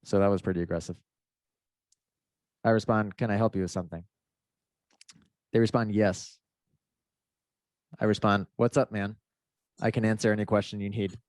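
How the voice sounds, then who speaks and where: A man's voice: lowish voice, level tone, moderate pace, pauses often, a little mellow, no echo, studio quality. A man, a mindset coach guesting on a podcast, telling a story casually, laughing and acting out the messages he quotes.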